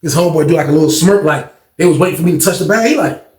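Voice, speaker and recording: A man telling a story in casual speech, animated, acting out quotes in a raised voice. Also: a little high, very fast. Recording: echoey room.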